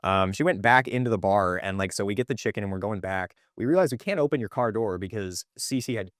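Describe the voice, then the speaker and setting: A man's voice: on the low side, fairly quick, dry recording, studio quality. A young adult man, a podcast guest, telling a story in casual chat, acting out the quoted lines with lots of fillers.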